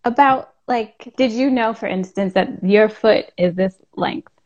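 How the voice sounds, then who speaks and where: A woman's voice: medium pitch, a little slow, darkish tone, dull audio. A woman hosting a casual live interview, chatty and encouraging, with lots of fillers. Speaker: podcast host. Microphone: live stream call.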